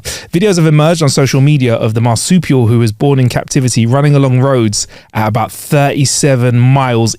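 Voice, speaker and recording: A podcast co-host on a casual comedy show reads out odd news stories, joking and rambling his way through them and laughing as he reads. His mid-range voice is clear, resonant, and a little mellow, moving at a moderate pace with hardly any pauses. The recording is dry with clean studio sound.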